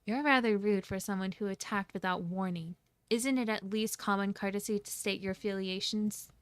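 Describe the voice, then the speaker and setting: A woman voicing a sharp-tongued young woman speaking in a curt, reproachful way. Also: mid-range voice, fairly even intonation, moderate pace, clean tone, no room sound, close to an everyday voice.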